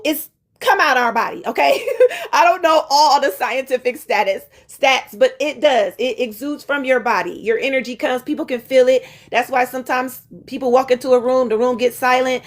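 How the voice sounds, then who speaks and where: A woman's voice: sits high, moderate pace. A woman giving a live-stream relationship talk, emphatic and preachy, speaking straight to her viewers in casual slang.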